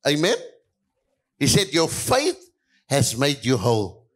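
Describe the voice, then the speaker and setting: A male pastor preaching a sermon, moving between quiet passages and louder lines, with repeated hallelujahs. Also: medium pitch, wildly swooping pitch, takes it slowly.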